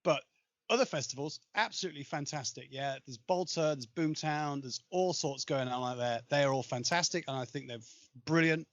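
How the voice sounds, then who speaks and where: A man as guest in a casual podcast chat, talking fast and repeating himself as he tells anecdotes. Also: fairly high pitch, a bit bright, no room sound. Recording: dry, dull lo-fi audio.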